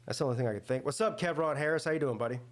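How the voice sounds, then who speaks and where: A medium-pitched man talks very fast as host of a live football watch-party stream. His casual commentary rambles as he thinks aloud, with lots of fillers and restarts.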